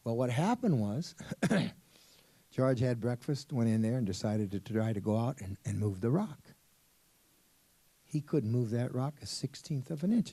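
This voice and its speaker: A priest giving a storytelling sermon to teenagers, asking them questions along the way. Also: male voice, medium pitch, animated, measured pace, pauses often, mellow, breathy edge, no room sound. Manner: storytelling, asks the audience questions.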